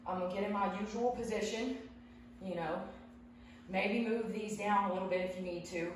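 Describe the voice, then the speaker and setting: A woman's voice: medium pitch, moderate pace, a little hiss or hum. A woman chatting casually while she leads a home workout, out of breath as she exercises. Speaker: fitness vlogger. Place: home room. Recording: very echoey room from far off.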